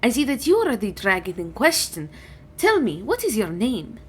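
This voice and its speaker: A woman voicing an ancient female dragon who is stately, measured and gently teasing. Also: a little high, huge pitch swings, breathy edge, heavily acted.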